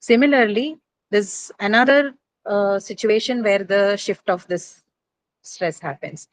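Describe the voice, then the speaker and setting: A female English teacher with a medium-pitched voice speaks unhurriedly, captured on a low-quality recording. She gives a classroom lecture on word stress, explaining patiently, repeating points, and checking that her students understand.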